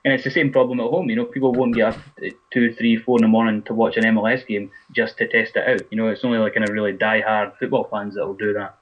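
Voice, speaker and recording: A man's voice: on the low side, little pitch movement. A man with a Scottish accent, a guest football writer talking in casual podcast chat, rambling with lots of fillers. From Scotland. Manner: fast, rambling, lots of "you know". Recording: muffled lo-fi podcast audio.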